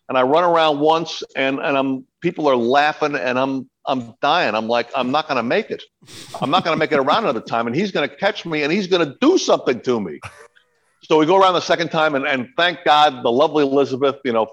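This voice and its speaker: A middle-aged man telling stories as a podcast guest, in a casual chat. He talks in an animated way and acts out what people said. His voice sits in the middle of the male range. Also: mid-range voice, lo-fi sound. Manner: animated storyteller, acts out quotes.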